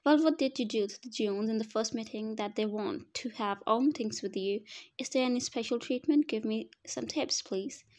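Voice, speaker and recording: A woman's voice: a little high, moderate pace, darkish tone, close to an everyday voice. Woman reading out a sarcastic older man, a project manager who mocks and needles, in a storybook narration. Her own plain voice carries the sneer. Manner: sarcastic, mocking.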